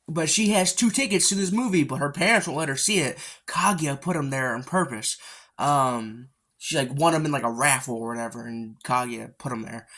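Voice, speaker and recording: A man's voice: mid-range voice, a bit bright. A man giving a casual, rambling recap of an anime episode, full of fillers and mild swearing, often jumping into characters' lines with a raised voice.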